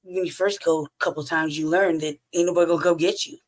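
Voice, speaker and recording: A podcast host delivers a casual storytelling monologue, blunt and profane, laughing often between phrases. His voice sits on the high side, with a steady tone, and he talks fast.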